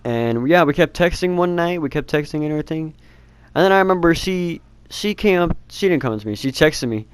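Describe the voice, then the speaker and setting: A man's voice: a little high, animated, fairly quick, smooth, no echo. Rambling young man telling a story. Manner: rambling, laughs often, mild swearing. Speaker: vlogger. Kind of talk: casual storytime.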